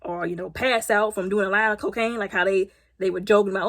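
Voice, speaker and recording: A woman gives a casual, comedic movie review, retelling the plot in an animated, colloquial way and repeating words when she restarts. Her voice is medium-pitched, quick, and has few pauses.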